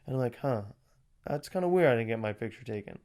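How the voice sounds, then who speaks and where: A young man co-hosting a podcast, telling animated, profanity-laced stories in casual chat and acting out what people said. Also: mid-range voice, fast. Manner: animated, swears a lot, acts out quotes. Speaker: podcast co-host.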